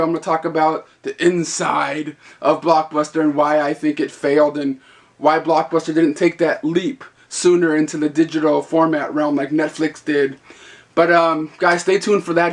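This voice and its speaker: A man's voice: a little high, steady tone, normal speed. A young man telling rambling, profane stories about his old retail job in a casual vlog, laughing now and then. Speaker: vlogger.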